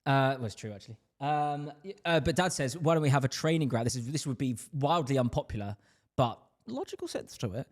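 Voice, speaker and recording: Fast-talking man co-hosting a football podcast. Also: mid-range voice, lively intonation. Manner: quick, argumentative. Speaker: podcast co-host. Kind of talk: casual chat.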